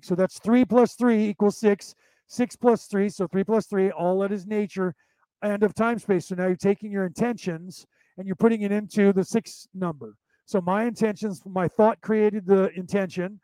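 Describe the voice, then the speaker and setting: Man with an American accent, high mellow voice, rambling lecture, repeats and restarts, dry close sound. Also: steady tone, normal speed, dry recording, poor audio. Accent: American English. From Ireland. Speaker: spiritual teacher. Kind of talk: casual lecture.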